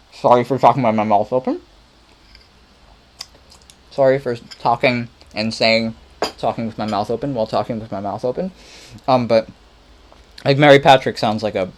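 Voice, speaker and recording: A man's voice: mid-range voice, normal speed. A man casually thinking aloud while making music on a livestream, muttering, playful and rambling.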